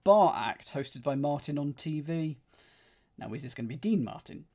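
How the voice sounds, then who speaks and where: A man's voice: a little high, lively intonation, moderate pace, dark tone. A man streaming himself solving a cryptic crossword, thinking aloud, repeating clues under his breath and counting out letters. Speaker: puzzle streamer.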